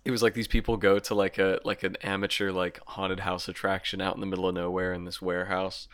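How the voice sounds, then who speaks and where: A man's voice: low-pitched, level tone, fast, a bit bright, no echo, clean studio sound. A man telling a story in casual chat, rambling with lots of filler words.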